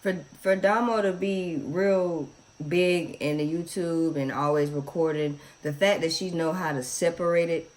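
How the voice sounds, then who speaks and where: A woman's voice: lowish voice, steady tone, unhurried. A woman hosting a reaction video, casual and given to swearing and shocked asides.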